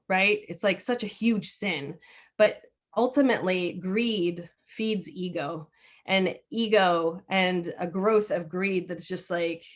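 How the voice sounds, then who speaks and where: A woman leading a discussion session over a video call, telling a story in a casual, chatty way full of filler words. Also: lowish voice. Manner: chatty, many fillers and restarts. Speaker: discussion leader.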